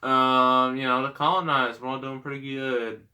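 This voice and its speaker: A man's voice: medium pitch, flat delivery, moderate pace, pushed and bright. A man giving a casual, rambling movie review, sarcastic, with lots of fillers.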